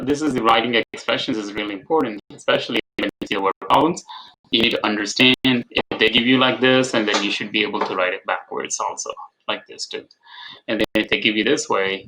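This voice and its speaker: A math tutor runs an online algebra session over video call, patiently repeating his prompts and checking that the student understands. His lowish voice is bright and forceful, on a low-quality recording with slight background noise.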